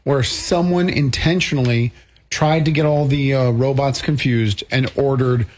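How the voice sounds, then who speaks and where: A man's voice: mid-range voice, unhurried, slight background noise. A man co-hosting a tech talk show from a studio, playful and joking as he tells stories. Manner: playful, joking, animated storyteller. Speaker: co-host. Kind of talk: casual tech show banter.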